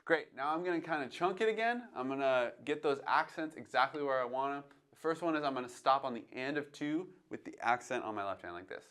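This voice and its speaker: A man teaching jazz drumming, calmly coaching and counting beats aloud between demonstrations. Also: mid-range voice, a little fast, hardly any pauses, slight background noise. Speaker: drum teacher. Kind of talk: instructional demonstration. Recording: drums playing behind the voice. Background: drum playing between phrases.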